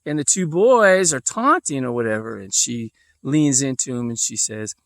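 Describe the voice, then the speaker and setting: Male vlogger, casual storyteller, meandering delivery; slightly high voice, dry close recording. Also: big pitch swings, moderate pace, fairly bright tone, no room sound. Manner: rambling, with lots of fillers and restarts.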